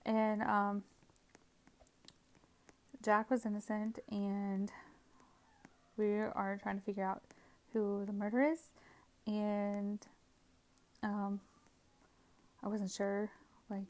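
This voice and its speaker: A woman talks through her gameplay footage in a chatty, loose voice-over. She giggles often and strings her thoughts together with plenty of ums and ands. Her pitch sits right in the middle for a woman. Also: completely flat delivery, slow, long pauses. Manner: giggly, chatty, rambling with many fillers. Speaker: gaming channel host. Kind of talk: casual gameplay commentary voice-over.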